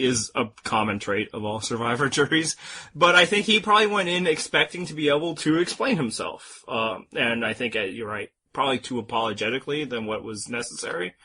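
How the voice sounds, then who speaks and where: A man co-hosting a podcast in casual chat, joking and animated. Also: on the high side, slightly rough. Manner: joking, animated, does voices when quoting. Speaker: podcast co-host.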